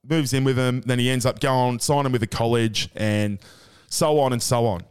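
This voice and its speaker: Laid-back Australian bloke, casual podcast chat. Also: male voice, mid-range voice, fairly even intonation, moderate pace, smooth. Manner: blokey, swears freely, laughs often. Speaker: podcast co-host.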